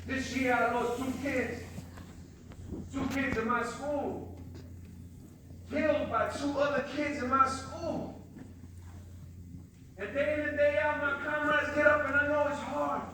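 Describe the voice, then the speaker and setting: High-voiced man giving an impassioned speech. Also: little pitch movement, measured pace, pauses often. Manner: impassioned storytelling, rising to loud emphasis. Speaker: motivational speaker and social worker. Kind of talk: motivational speech. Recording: very echoey hall, distant mic, faint noise.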